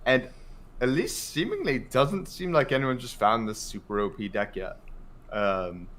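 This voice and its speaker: Male podcast co-host, mid-pitched, relaxed and chatty with frequent hedges. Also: unhurried. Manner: easygoing, hedging with ums. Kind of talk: casual gaming podcast chat.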